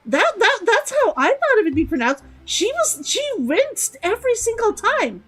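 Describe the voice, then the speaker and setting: A woman's voice: very high voice, sing-song, normal speed, a bit bright. A woman streaming a game, chatting casually and giggling as she answers her chat.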